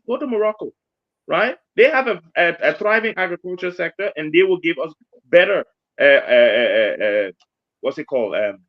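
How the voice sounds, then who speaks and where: Gravelly man on a panel. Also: a little high, dry recording. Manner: hesitant, searching for words. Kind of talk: political panel discussion. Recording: dull lo-fi audio.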